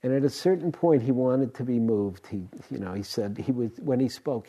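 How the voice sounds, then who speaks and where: An older man, a meditation teacher, giving a dharma talk and telling stories in a rambling way, with restarts and soft laughs. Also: mid-range voice, brisk, hardly any pauses, lo-fi sound.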